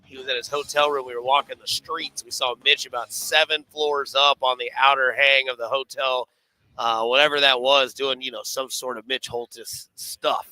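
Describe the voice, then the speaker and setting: A man's voice: mid-range voice, steady tone, normal speed, pushed and bright, dry recording, poor audio. A man hosting a sports radio show, telling stories in a rambling, casual way with many fillers and restarts.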